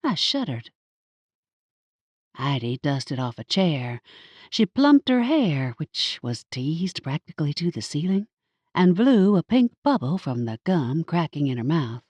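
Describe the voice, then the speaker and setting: A woman with a low voice narrates a first-person audiobook, taking her time with a measured, wry delivery. Her pitch rises and falls with a lot of expression. The close studio recording is dry. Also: animated, darkish tone, no room sound.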